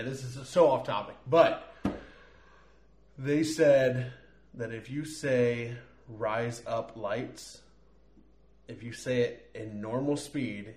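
A man's voice: medium pitch, a little mellow. A man co-hosting a podcast, easygoing and chatty, laughing often as he leads the questions. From Ohio. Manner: easygoing, laughs a lot, uses bro and like. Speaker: podcast co-host. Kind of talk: casual chat. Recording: echoey room.

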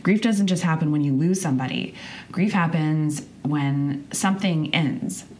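A woman in her twenties hosts a podcast, speaking candidly in a rambling personal monologue full of restarts and the odd swear. She sounds choked up, her voice low and darkish, and she talks a little slowly.

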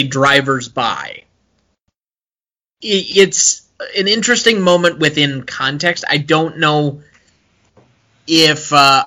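Very bright-voiced male podcast co-host. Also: mid-range voice. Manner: hesitant, analytical, many fillers. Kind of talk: casual film-discussion podcast.

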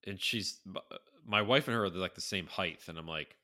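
A man with a deep voice and a bright, pushing tone talks loosely on a podcast. He rambles, swears freely and bursts into lively impressions when he quotes someone. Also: fairly quick. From North Carolina. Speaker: podcast co-host. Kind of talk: casual chat.

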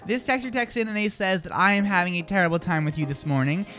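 A woman's voice: on the low side, quick pace, a bit bright. A woman co-hosting a live morning radio show, talking in a sassy, mocking way and brushing off critics. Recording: music bed under voice. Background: music.

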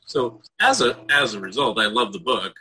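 A male interviewer asks long, meandering questions and hedges as he goes. His voice is bright and a little tense. It also has a husky grain. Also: mid-range voice, big pitch swings, normal speed, low-quality recording. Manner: rambling, hedging questions. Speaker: interviewer, host.

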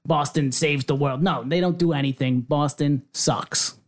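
A man trash-talking his opponents in a comedy debate, mocking and dismissive. His voice is a little high for a man. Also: a little fast. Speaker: debater for New York.

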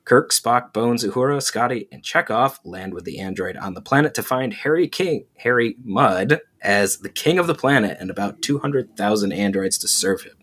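Husky low-voiced male podcast co-host. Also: expressive, moderate pace, few pauses, a bit bright. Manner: rambling, frequent "like" fillers. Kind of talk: casual chat.

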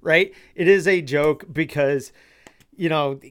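A man's voice: fairly high pitch, slow pace, clean tone. Rambling, profane man hosting a podcast. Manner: rambling, profane and sarcastic with many fillers. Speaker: podcast host. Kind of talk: casual podcast monologue.

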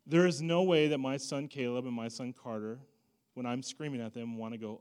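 A man preaching a sermon as a pastor, swinging from loud emphasis to hushed asides in a conversational, self-deprecating way. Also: medium pitch, steady tone, fairly quick, clear, resonant tone.

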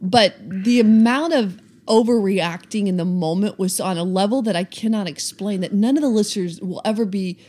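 A woman's voice: medium pitch, moderate pace, a little mellow. Earnest woman co-host. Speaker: podcast co-host. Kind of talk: casual chat.

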